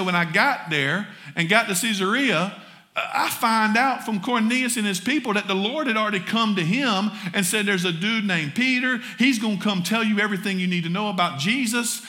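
A man's voice: high voice, sharp tone. A man with a Southern US accent preaching a sermon from the pulpit, folksy and talking straight to the congregation. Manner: folksy, addresses congregation as y'all. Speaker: pastor. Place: church sanctuary.

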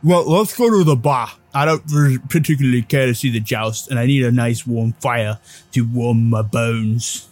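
A man voicing a proud male warrior priest devoted to martial arts, in a formal, gruff tough-guy drawl during a tabletop game. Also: medium pitch, normal speed, darkish tone, natural voice. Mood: boastful. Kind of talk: tabletop game role-play.

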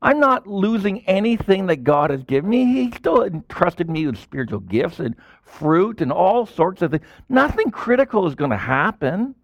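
A man preaching a sermon as a pastor, in animated style with sudden loud bursts and quiet drops. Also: high-pitched, moderate pace, vocal fry, few pauses, no echo, lo-fi sound.

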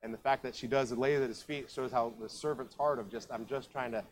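A man from Ohio gives a sermon as if he were telling a story to friends. He keeps tossing out asides and questions to the congregation, and his voice sits at an ordinary middle pitch. A faint hiss is heard behind him. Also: steady tone, brisk, rough recording. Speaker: pastor.

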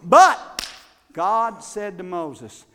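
A man preaching a sermon as pastor, swinging between loud bursts and quiet asides. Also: high-pitched, big pitch swings, drawn-out words. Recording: long reverb of a large hall.

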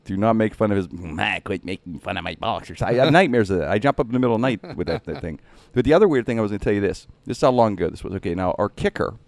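A man with a somewhat low voice tells a story in a casual, animated way, leaping up in pitch at punchlines. It is recorded dry and close, with no room sound. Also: racing, hardly any pauses, no echo. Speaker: radio host and impressionist.

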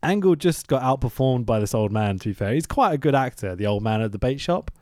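A man's voice: medium pitch, lively intonation, a little fast, darkish tone, no room sound, clean studio sound. A man hosting a casual podcast, swearing often and laughing as he talks. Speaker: podcast host. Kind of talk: casual chat.

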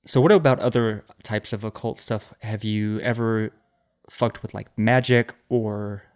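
A man's voice: on the low side, fairly even intonation, measured pace. A man from the American South co-hosting a podcast, chatting casually, joking and swearing now and then. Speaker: podcast co-host. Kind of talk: casual chat.

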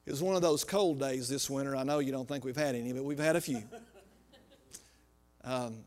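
A man preaching a sermon, telling a personal story in a folksy way and acting out the dialogue, swinging from loud to quiet. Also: mid-range voice, fairly quick.

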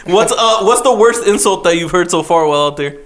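A man hosting a casual podcast, talking in a profane, excitable way and laughing a lot. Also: high-pitched, fairly quick, a little hiss or hum. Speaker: podcast host.

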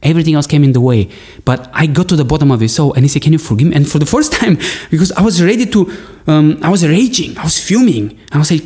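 A man's voice: on the high side, fast, dark tone. A man sharing an emotional personal story in an earnest, searching way, with many restarts. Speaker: guest.

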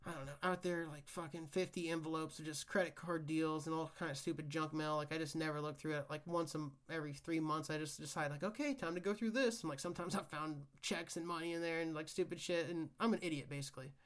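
Young guy ranting on his podcast, swears a lot, voice sits a bit high. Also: fast talker, hardly any pauses. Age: young adult. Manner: profane, rambling, animated ranting. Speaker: podcast host. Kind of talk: casual solo podcast monologue.

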